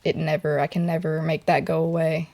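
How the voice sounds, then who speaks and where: A young woman, speaking softly and haltingly with many filler words as she tells a personal story while sitting for a portrait in an artist's studio. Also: low-pitched, little pitch movement, vocal fry. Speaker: portrait model interviewee.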